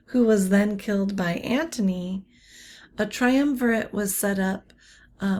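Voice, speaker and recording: A woman teaching literature in an unscripted lecture, halting often with ums and uhs and slipping in wry, offhand asides. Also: mid-range voice, a little mellow, a little hiss or hum.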